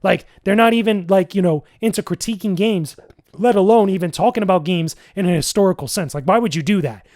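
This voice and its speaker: A man hosting his own solo podcast, ranting in casual, slangy talk, exasperated and incredulous, with outbursts that jump up loud and high. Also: brisk. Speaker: podcast host.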